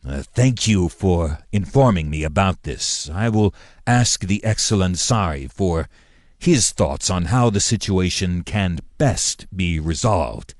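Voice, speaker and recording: A man's voice: sits low, expressive, slow, dry recording, studio quality. A man voicing a careful, diplomatic male fleet commodore who chooses his words with restraint.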